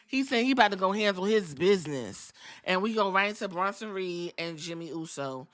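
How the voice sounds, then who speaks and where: A woman hosting a podcast, recapping wrestling in animated, profane storytelling. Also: medium pitch, brisk. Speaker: podcast host.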